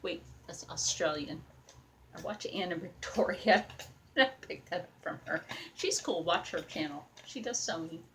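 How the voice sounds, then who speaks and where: A young craft vlogger chats casually while working on a project, rambling and addressing both her viewers and a doll. Her voice is lowish and fairly bright, at a measured pace, on a low-quality recording with slight background noise.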